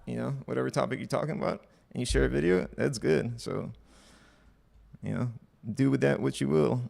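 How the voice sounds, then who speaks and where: A man's voice: mid-range voice, a little fast, gravelly, darkish tone, no echo. A young man hosting a casual livestream, reading online posts aloud and commenting bluntly with profanity. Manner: blunt, profane, offhand asides.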